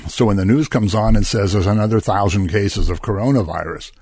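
A man's voice: fairly low pitch, a little fast, darkish tone, husky, no room sound, clean studio sound. A man preaching a Bible-study sermon in a conversational way, asking rhetorical questions and chuckling between points.

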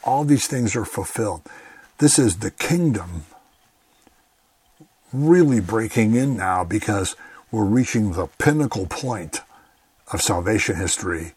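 A man's voice: on the low side, takes it slowly, pauses often, darkish tone, husky. A man giving a radio Bible teaching in an earnest, conversational way, often saying "you know".

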